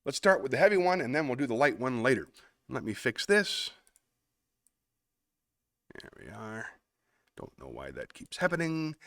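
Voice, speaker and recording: Man hosting a livestream, upbeat, chatty, mid-pitched voice, dry close sound. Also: a bit bright, dry recording. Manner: upbeat, chatty, laughs between bits. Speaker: livestream host. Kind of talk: live-stream performance and chat.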